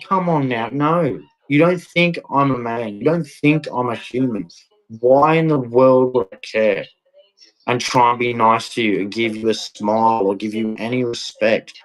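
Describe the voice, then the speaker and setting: A man's voice: mid-range voice, low-quality recording. A man ranting bitterly to camera, repeating "man" and "right" as he vents. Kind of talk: angry monologue to camera.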